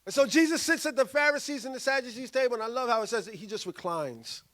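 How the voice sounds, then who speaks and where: A male pastor, preaching a sermon in an animated way and acting out quoted voices. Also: very high voice, quick pace. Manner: animated, acts out quoted voices, loud bursts.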